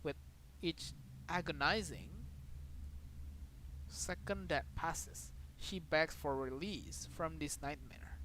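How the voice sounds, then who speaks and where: A game streamer, reading a story game's text aloud in a dramatic way, with sudden loud outbursts. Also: medium pitch, slow pace, pauses often, slight background noise, poor audio. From Indonesia.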